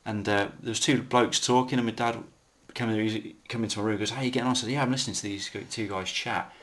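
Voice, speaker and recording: A man's voice: lowish voice, steady tone, quick pace, fairly bright tone. A man co-hosting a casual film commentary, chatty, swearing freely and laughing at his own anecdotes.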